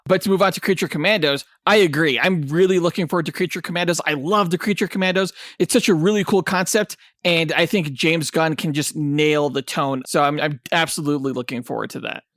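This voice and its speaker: A man's voice: fairly high pitch, brisk, hardly any pauses, a bit bright, no echo, clean studio sound. A man co-hosting a comic book podcast, chatting with enthusiasm. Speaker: podcast co-host. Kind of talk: casual podcast chat.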